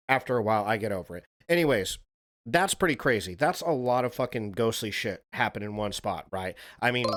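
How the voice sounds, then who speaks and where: A man's voice: mid-range voice, a bit bright, smooth. A man hosting a livestream, reacting to a video and chatting casually with viewers in a rambling, profane way. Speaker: livestream host.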